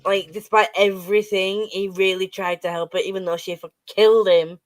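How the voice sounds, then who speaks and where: A woman hosting a casual chat, gushing and excitable, swearing freely. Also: medium pitch, a little fast, no room sound. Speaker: host.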